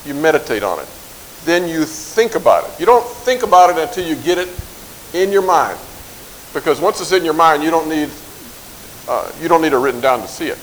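A man teaching a Bible verse to a live group, light-hearted and joking, drawing out lists slowly as he recites. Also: on the high side, fairly bright tone, a little hiss or hum, low-quality recording. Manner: light-hearted, jokes and chuckles; slow, drawn-out recitation of lists. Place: in front of a group in a room.

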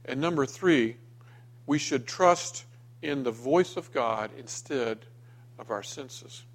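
A middle-aged man preaching a sermon, telling a personal story with rising emotion and raised, pleading tones in the retold scenes. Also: takes it slowly. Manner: storytelling, emotional, rising in pitch when voicing himself in the dream. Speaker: pastor.

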